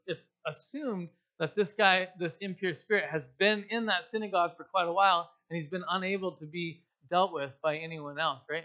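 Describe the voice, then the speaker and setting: A man's voice: a little high, bright, forceful tone, highs cut off. A man preaching a sermon in a casual, conversational way, explaining scripture in plain everyday terms. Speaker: pastor.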